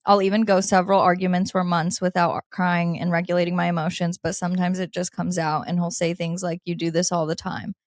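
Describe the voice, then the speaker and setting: A lively woman chatting on an advice podcast, her voice sitting a little low. She laughs easily and reads listener letters out. The sound is close and dry. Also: a little fast, hardly any pauses, no echo. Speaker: podcast co-host. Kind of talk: casual advice chat.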